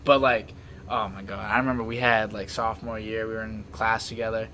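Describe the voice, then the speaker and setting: A young man hosting a podcast, chatting casually and telling slangy stories about friends, now and then mimicking them in loud bursts. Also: on the low side, flat delivery, brisk, slight background noise, poor audio. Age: young adult. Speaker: podcast host. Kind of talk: casual chat.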